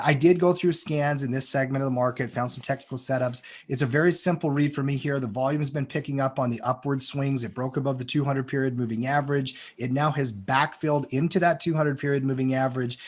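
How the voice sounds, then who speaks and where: A man co-hosting a trading show as a coach, relaxed and self-mocking, laughing easily as he walks through a chart. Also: mid-range voice. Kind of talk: casual market chat.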